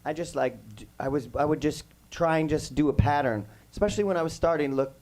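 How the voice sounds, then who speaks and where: A man's voice: a little high, a little fast, a little mellow, poor audio. A man in his forties with a voice under the weather, telling stories at a casual workshop Q&A and wandering off on tangents. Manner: rambling, goes off on tangents. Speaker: guest musician at a workshop Q&A. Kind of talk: casual storytelling Q&A. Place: music school room with kids.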